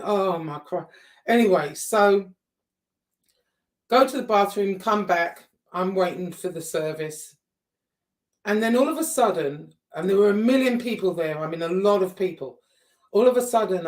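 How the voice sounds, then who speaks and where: A woman recounts a story in a loose, chatty way, her voice sitting at an ordinary middle pitch. She acts out the people in it and lets her exasperation show, with a swear here and there. She sounds a little distant, as if the mic sits some way off. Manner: animated, exasperated retelling with quoted dialogue and swearing. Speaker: vlogger. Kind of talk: casual storytelling to camera.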